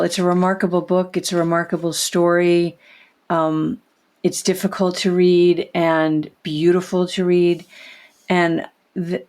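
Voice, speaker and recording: A woman hosts an interview in a slightly low voice. She praises her guest effusively and stumbles and repeats herself as she talks. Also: a little mellow. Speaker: host. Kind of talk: casual interview.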